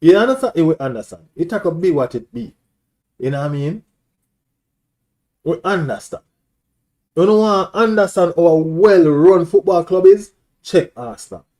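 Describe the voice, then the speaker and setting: A man's voice: fairly high pitch, measured pace, long pauses, dark tone. A man hosting a live stream, ranting as a football fan in an emphatic, repetitive, taunting way.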